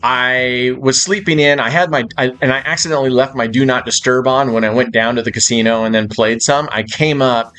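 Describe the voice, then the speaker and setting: A man's voice: medium pitch, fairly quick, few pauses, sharp tone. Brief: man, casual live-stream host, loose and profane, mid-range voice, faint music underneath. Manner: swears freely, chatty and loose. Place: hotel suite.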